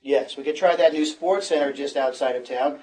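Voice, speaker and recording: A man teaching an English lesson, encouraging and repeating phrases slowly for learners. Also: a little high, a little mellow, distant mic, faint music behind.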